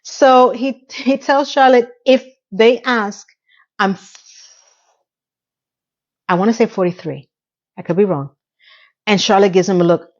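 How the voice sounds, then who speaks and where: A woman's voice: mid-range voice, a little slow, long pauses, lo-fi sound. A woman recapping a TV episode, ranting with exasperated, incredulous rhetorical questions. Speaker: TV recap reviewer.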